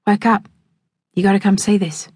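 A woman's voice: mid-range voice, level tone, moderate pace, a little mellow, husky, no echo, natural voice. A woman voicing a teasing teenage brother with a cheeky, taunting manner. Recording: dry close studio sound.

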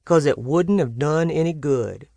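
Audiobook figure: woman narrator reading a gentle, calm older manservant, low and dry. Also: measured pace, gravelly, no echo, heavily acted.

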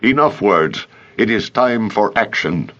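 A man voicing a commanding male high priest in an audiobook, authoritative and measured. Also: lively intonation, a bit bright, highs cut off.

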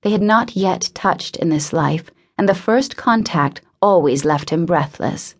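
Measured woman narrating. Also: lowish voice, expressive. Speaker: audiobook narrator. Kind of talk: scripted narration.

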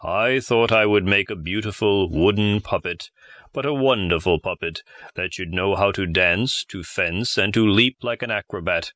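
A man voicing a hot-tempered old male woodcarver in a low, gruff voice for a storybook reading. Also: moderate pace, fairly bright tone, dry recording, close to an everyday voice.

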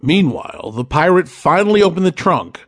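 A man narrating a children's adventure audiobook in an expressive, animated way. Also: on the high side, normal speed, slightly rough.

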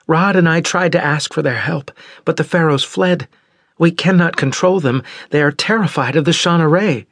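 A man's voice: a little high, moderate pace, a bit bright, dry recording, clean studio sound, voice pushed up. A man narrating voices an anxious young woman pleading urgently.

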